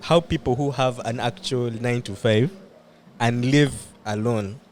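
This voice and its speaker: A man co-hosting a podcast in relaxed, playful chat, laughing often. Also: mid-range voice, a little slow. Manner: playful, laughs often, slips into sing-song bits. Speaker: podcast co-host. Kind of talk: casual chat.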